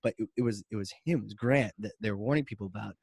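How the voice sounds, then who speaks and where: A man's voice: lowish voice, fast talker, vocal fry, husky, no room sound. Rambling male podcast host, dry mic. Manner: rambling, animated, many "like" fillers. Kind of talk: casual storytelling chat.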